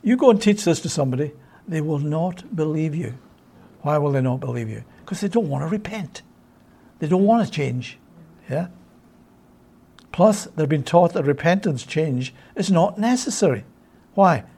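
A man preaching a sermon, emphatic and full of rhetorical questions, often checking in with his listeners with a quick "yeah?". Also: on the high side, gravelly, darkish tone, slightly rough.

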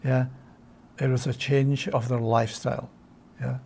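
A man preaching a sermon, emphatic and full of rhetorical questions, often checking in with his listeners with a quick "yeah?". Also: mid-range voice, flat delivery, creaky, dark tone, breathy edge.

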